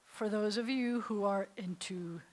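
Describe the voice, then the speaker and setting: A woman rabbi with an American accent teaching a beginners' Hebrew class, sounding out letters slowly and adding playful asides. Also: mid-range voice, a little mellow, low-quality recording. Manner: patient, explains step by step, sounds out letters slowly. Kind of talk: classroom lesson. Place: synagogue classroom.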